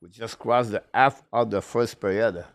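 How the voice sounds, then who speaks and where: Halting man calling hockey play-by-play. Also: on the low side, steady tone, dry recording, studio quality. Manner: halting, frequent "uh" fillers, broken English phrasing; apologetic self-corrections. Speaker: play-by-play commentator and show host. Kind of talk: live-stream hockey play-by-play.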